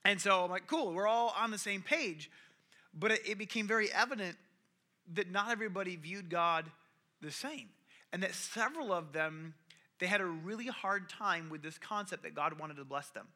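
A young man preaches a conversational sermon in a high, sharp-toned voice at a moderate pace. He tells stories and acts out the voices of the people in them.

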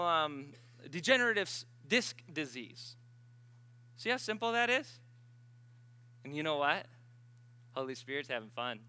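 Male preacher, sermon, healing service, somewhat high voice, very bright and tense tone, animated storytelling. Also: dry recording. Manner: animated storyteller, bursts of excitement.

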